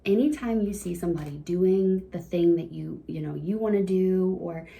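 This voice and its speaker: A woman giving a casual, encouraging card reading to her viewers, chatty and quick to laugh. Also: lowish voice, vocal fry, dark tone, slight background noise. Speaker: tarot reader.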